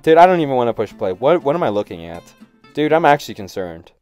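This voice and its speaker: A man giving excitable reaction commentary to memes, with loud outbursts and frequent laughter. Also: mid-range voice, fast, over music.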